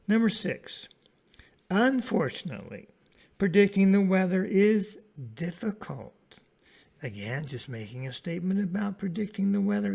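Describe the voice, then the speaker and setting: A man teaching an English grammar lesson to children, prompting his pupils to repeat lines and pausing for their answers. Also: medium pitch, creaky. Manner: lively, sing-song classroom delivery.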